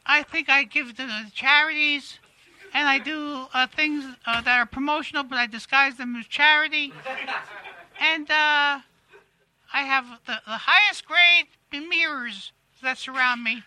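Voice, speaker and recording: A male comedian plays a self-absorbed female celebrity comic who rambles on in a piercing, bright, high voice. She sounds mock-sincere and pleased with herself. There is a faint hiss under the podcast recording. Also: measured pace, full character voice. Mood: self-admiring. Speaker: comedian guest. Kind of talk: comedic impression in podcast banter.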